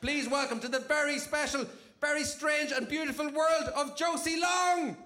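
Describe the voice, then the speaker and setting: High bright-voiced man introducing a comic. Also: fairly even intonation, normal speed, reverberant, a faint crowd, slight background noise. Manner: announcing loudly. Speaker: compere introducing acts.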